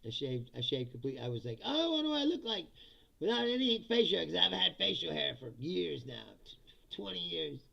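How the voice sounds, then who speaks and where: A man's voice: fairly high pitch, expressive, a little fast, vocal fry, sharp tone, dull audio. A middle-aged man hosting a casual comedy livestream, laughing often, swearing freely and answering chat comments aloud. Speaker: livestream host reading chat. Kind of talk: casual ranting political comedy stream.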